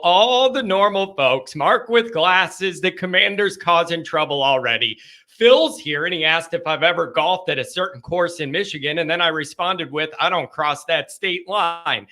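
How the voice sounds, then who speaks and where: A man's voice: high voice, sharp tone. A man hosting a live fan call-in stream, chatting casually, joking and rambling as he greets viewers by name.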